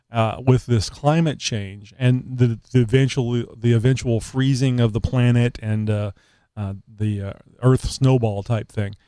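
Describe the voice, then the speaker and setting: A man co-hosting a live talk show, joking and rambling in casual chat with frequent pauses and fillers. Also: mid-range voice, steady tone, mellow, smooth, no room sound. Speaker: co-host.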